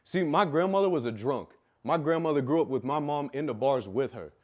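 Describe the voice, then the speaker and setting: A man's voice: a little high, lively intonation, brisk. Intense, profane man telling his story. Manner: profane, intense, swings from quiet to loud; loud, self-described. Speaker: fitness business coach telling his life story. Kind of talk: raw personal storytelling.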